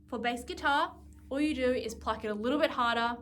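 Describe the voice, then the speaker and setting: A woman's voice: sits high, fairly quick, a bit bright, a little hiss or hum. A woman music teacher leading a guided practice lesson, patiently explaining and counting out beats. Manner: patient, counts and sings note names aloud.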